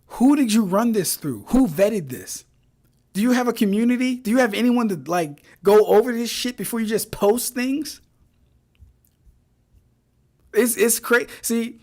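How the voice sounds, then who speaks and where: A young man with a high voice gives loose, profane livestream commentary. He picks apart what he reads with mocking disbelief, repeats himself for effect and keeps breaking into laughter. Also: lively intonation, moderate pace, darkish tone. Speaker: streamer reviewing fan debates.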